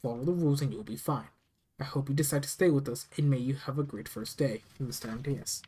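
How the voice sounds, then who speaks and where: A narrator reading a first-person horror story aloud, steady and plain, with small restarts. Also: mid-range voice, a little fast, low-quality recording.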